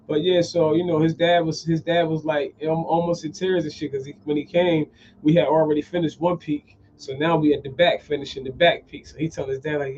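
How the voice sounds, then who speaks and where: Profane, animated man with a fairly high voice. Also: fairly quick, slight background noise. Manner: profane, animated, repeats phrases. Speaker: podcast host. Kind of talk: casual storytelling monologue. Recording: dull lo-fi sound.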